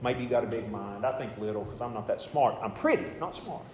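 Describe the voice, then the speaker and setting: A man's voice: mid-range voice, lively intonation, brisk. A male pastor preaching a sermon in a conversational way, with joking asides. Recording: echoey hall with faint noise.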